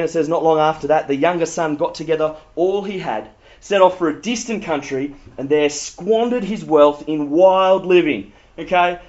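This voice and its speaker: A man preaching a sermon, telling stories with animated humor. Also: high-pitched. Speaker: pastor. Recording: dull lo-fi sound.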